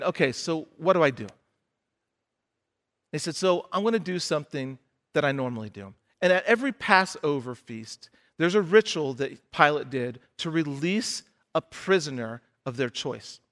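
A man's voice: on the high side, fairly bright tone. A man preaching a sermon, retelling a scripture story in a conversational way and acting out the characters' lines.

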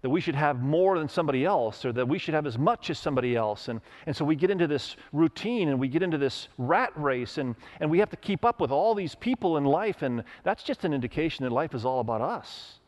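A man's voice: a little high, lively intonation, fairly quick, few pauses. Storytelling male pastor preaching. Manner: storytelling with acted quotes, emphatic rises. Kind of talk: sermon.

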